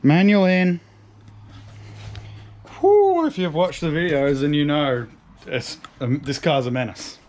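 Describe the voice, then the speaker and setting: A man, chatting casually as he works on a car in a garage, slangy and excitable. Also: a little high, slow pace, pauses often. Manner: excitable, slangy, talks to his dog. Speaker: car restoration vlogger.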